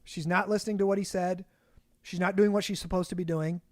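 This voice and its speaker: A man's voice: sits high, steady tone, quick pace, darkish tone, dry recording, studio quality. A young man co-hosting a casual podcast, talking in a rambling way with many restarts and fillers. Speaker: podcast co-host.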